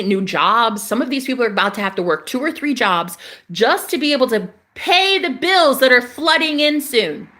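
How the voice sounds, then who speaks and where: A woman's voice: medium pitch, a bit bright. A young adult woman ranting in a casual spiritual vlog, fiery and emphatic, swearing freely and repeating herself for emphasis. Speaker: spiritual vlogger.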